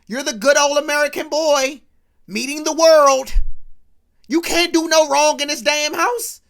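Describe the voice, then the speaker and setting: A woman voicing a bitter teenage boy from a rough home who speaks bluntly. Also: high voice, a little slow, fairly bright tone, pitched above the performer's own voice.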